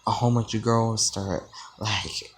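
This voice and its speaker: A tired man improvising a fan-fiction story, rambling with many ums and restarts, outdoors at night with loud crickets. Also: on the low side, fairly even intonation, a little slow, slight background noise, low-quality recording. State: tired, yawning. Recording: crickets chirping loudly behind. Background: crickets and insects.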